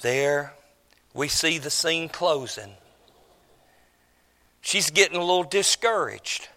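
A man preaches a storytelling sermon, folksy and musing as he talks to his listeners. His voice sits high and bright. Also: animated, slow pace, long pauses.

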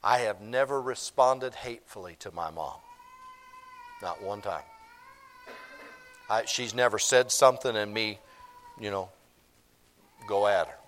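A man's voice: on the low side, a little slow, long pauses, a bit bright, slight background noise. A man, preaching a sermon in church, repeating his points for emphasis. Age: 50s. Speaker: pastor.

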